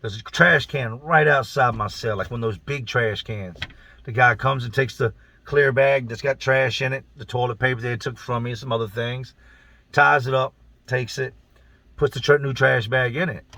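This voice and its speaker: A man recounts his own story in an easy, first-person way, blunt and salted with profanity and slang. His voice is gravelly with a sharp, forceful edge. The sound is dry and close, with no room around it. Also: mid-range voice, fairly even intonation, moderate pace, dry recording.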